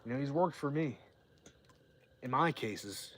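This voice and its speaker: A man's voice: mid-range voice, expressive, unhurried, fairly bright tone. A tipsy man streaming live outdoors by a campfire, talking in a rambling, profane, casual way. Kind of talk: casual livestream chat.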